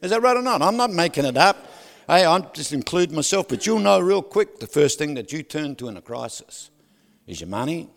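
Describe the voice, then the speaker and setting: A man with a fairly high, creaky voice delivers a sermon at a fairly quick clip, loud and lively, under long hall reverb. He repeatedly seeks the audience's agreement and slips in humorous asides, laughing along.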